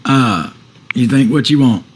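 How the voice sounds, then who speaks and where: A man's voice: medium pitch, animated, measured pace, a little hiss or hum, poor audio. A man on a casual livestream, reading out viewer comments and answering them defensively, with some swearing.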